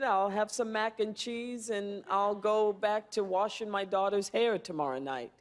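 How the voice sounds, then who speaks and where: Slow, reflective woman in her fifties. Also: medium pitch. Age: 50s. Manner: reflective, earnest, with thoughtful pauses and fillers. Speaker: award-winning actress answering press. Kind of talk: press room interview answers. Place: awards press room.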